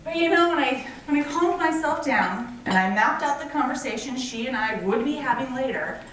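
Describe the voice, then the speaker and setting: An animated woman with a high-sitting voice speaks at a moderate pace, far from the mic amid a noisy background. She is a nonprofit founder in her thirties, giving an enthusiastic, grateful fundraiser speech laced with personal stories in an echoey convention hall.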